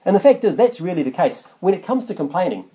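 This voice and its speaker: Rambling preacher with a mellow voice. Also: male voice, high voice, very animated, fast. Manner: conversational, rambling, with restarts and asides. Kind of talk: Bible study sermon, reading scripture aloud.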